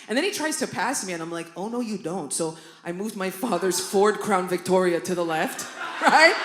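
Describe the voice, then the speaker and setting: A woman performs a stand-up set live in a theatre, brash and profane, jumping into quoted voices as she tells her stories. The room is roomy and echoey, and a busy audience hum sits under her voice. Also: medium pitch. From Canada. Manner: brash, profane, animated storytelling with acted-out quotes. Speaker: stand-up comedian.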